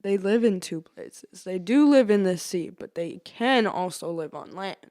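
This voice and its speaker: Slow, lively-pitched young woman. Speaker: podcast guest. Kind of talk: casual chat.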